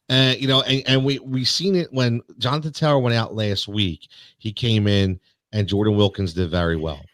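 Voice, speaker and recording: A man's voice: fairly low pitch, fairly bright tone, no room sound, studio quality. A man co-hosting a casual sports podcast, rambling with lots of fillers and restarts. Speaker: podcast co-host.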